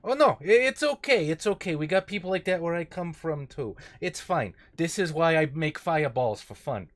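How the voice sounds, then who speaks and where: A man plays a tabletop game, trading brash, wisecracking lines in character. His voice sits slightly high for a man. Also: expressive, moderate pace. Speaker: player.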